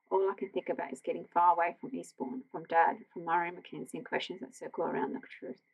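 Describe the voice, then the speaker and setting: An Australian woman reading a novel aloud as a bedtime story, in a quiet, gentle voice that slips into whispers. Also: fairly low pitch, level tone, fast, vocal fry, few pauses, rough recording. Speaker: audiobook reader.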